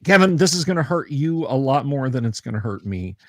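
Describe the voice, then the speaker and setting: A man's voice: mid-range voice, very animated, crowd noise. A man running a tabletop fantasy game as dungeon master, narrating with many restarts. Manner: halting, with many restarts and fillers. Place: home setup, livestream.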